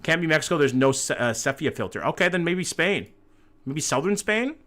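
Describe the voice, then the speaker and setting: Streaming a map-guessing game, a man with a fairly high voice speaks a little fast, reading viewer messages aloud in relaxed chat. Between calmer guesses he erupts into excited hype, joking and swearing freely throughout.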